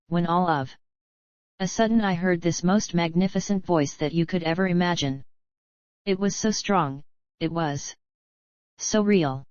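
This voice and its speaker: A woman narrating a first-person testimony in a steady, even reading voice. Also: on the low side, dry recording. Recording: dull, dry lo-fi voice track.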